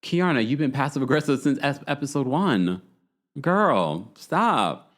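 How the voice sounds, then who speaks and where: A man chats casually through a reality TV recap, his voice swooping high and low. He is playful and keeps putting on little voices for the people he quotes. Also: measured pace. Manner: animated, playful, mimics quotes with pitch jumps. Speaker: podcast host recapping reality TV. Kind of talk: casual chat.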